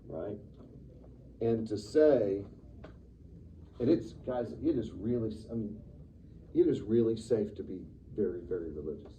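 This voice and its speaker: A man teaching a church Sunday school class in a lively, conversational way, acting out the quotes he reads. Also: lowish voice, unhurried, long pauses. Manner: animated, conversational, acts out quotes with sudden loud bursts. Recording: distant, dull room recording with faint noise.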